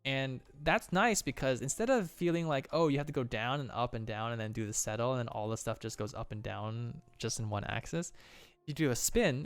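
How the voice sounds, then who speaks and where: A man's voice: mid-range voice, dry recording. A man casually breaking down animation on a stream, enthusiastic with playful exclamations.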